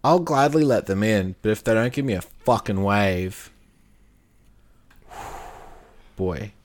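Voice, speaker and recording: A man's voice: lowish voice, lively intonation, takes it slowly. A young Australian man bantering on a podcast, blunt and crude, joking and swearing freely. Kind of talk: casual chat.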